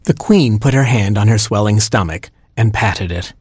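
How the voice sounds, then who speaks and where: Male storyteller reading a comic tale aloud, dry and wry, husky tone, close dry sound. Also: lowish voice, moderate pace, darkish tone, dry recording.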